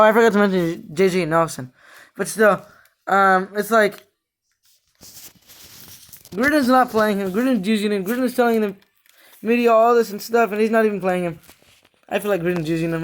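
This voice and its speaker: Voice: mid-range voice, moderate pace, pauses often, fairly bright tone. A sports fan vlogger giving a casual, rambling rant about the team, repeating themselves in frustration with lots of fillers and restarts.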